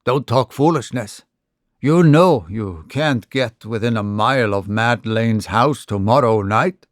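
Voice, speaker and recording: A man's voice: mid-range voice, unhurried, no room sound, studio quality, lightly acted. A man doing a scolding outlaw sidekick.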